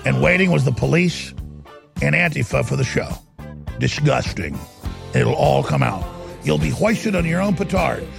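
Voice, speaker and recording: A man hosting a talk show, ranting heatedly and fast. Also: a little high, expressive, gravelly, over music. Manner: heated, rapid-fire ranting. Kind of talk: ranting commentary.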